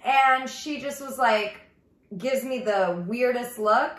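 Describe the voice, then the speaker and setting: A woman's voice: on the high side, slow. Chatty woman, echoey room. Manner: chatty, heavy use of "like", earnest and confiding. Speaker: ministry vlogger. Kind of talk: casual personal testimony vlog.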